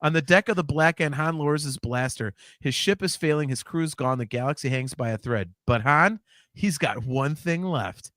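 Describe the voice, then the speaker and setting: A man co-hosting a podcast in casual chat, excitable and laughing often as he reads a script aloud. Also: on the high side, moderate pace, no echo, clean studio sound. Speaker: podcast co-host.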